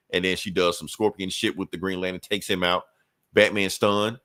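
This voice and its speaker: A man hosting a podcast, recapping a comic issue in loose casual storytelling, acting out characters' lines in quick asides with plenty of profanity. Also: low-pitched, steady tone, sharp tone. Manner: frequent profanity and fillers. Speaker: podcast host.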